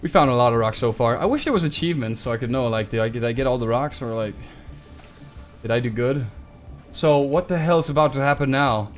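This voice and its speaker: A young man with a medium-pitched, fairly quick voice streams a game live, with faint music in the background. He reads the item text aloud and tosses in joking asides as he plays.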